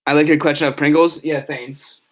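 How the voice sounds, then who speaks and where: A man's voice: a little high, level tone, fairly quick. A young man live-streaming from his bedroom, rambling to his chat with many restarts and fillers.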